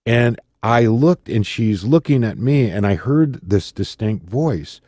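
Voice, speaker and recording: A man's voice: medium pitch, animated, slow, mellow, no room sound. A middle-aged man from Michigan, a radio personality speaking as a guest in a studio interview, telling his story dramatically and acting out the voices he quotes.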